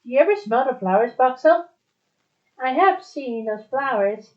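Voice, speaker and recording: A chatty, giggly young woman coaxes her machine companion, as a woman plays her. Her voice is high and bounces all over. The recording sounds dull and lo-fi. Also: lively intonation, moderate pace.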